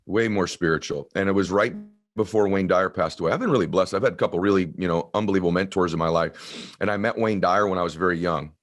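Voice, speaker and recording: A man in his fifties with a deep voice, telling a personal story in an earnest, heartfelt way during an interview. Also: fast talker. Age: 50s. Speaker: guest author. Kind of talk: emotional storytelling in conversation.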